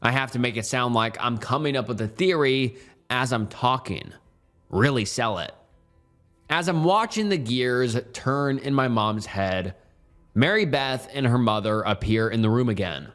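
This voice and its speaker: A man narrating a horror story in the first person with measured, somber delivery. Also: mid-range voice, fairly bright tone, faint music behind.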